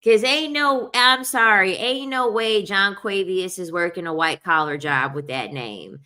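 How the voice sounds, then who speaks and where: A woman's voice: mid-range voice, lively intonation, unhurried, bright, forceful tone. A woman ranting bluntly to her viewers, swearing freely and repeatedly saying she is sorry. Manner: blunt, profane, keeps saying "I'm sorry". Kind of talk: casual opinionated rant to viewers.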